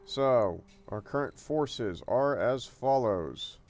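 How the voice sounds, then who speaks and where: A man's voice: mid-range voice, lively intonation, slow pace, darkish tone. A man streaming a strategy game, thinking aloud casually with fillers and the odd swear word. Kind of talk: gameplay commentary, reading dialogue aloud.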